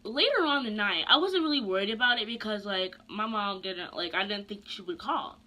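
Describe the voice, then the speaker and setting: A young woman telling a casual storytime, chatty and animated, full of slang and asides. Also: medium pitch, a little fast. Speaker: vlogger.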